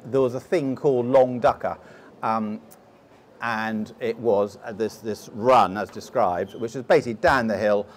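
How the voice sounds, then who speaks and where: A man's voice: on the low side, steady tone, measured pace, a little hiss or hum. A middle-aged man with a posh English accent, telling long stories as a guest in an interview, often restarting his sentences. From England. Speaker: guest explorer. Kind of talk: storytelling interview.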